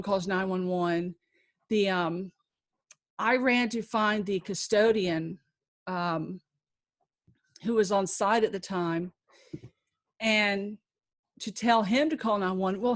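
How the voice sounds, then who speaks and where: Slow-talking woman sharing an emotional testimony. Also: medium pitch. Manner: emotional, halting, with frequent restarts; faith-filled. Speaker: podcast guest. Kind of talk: personal testimony storytelling.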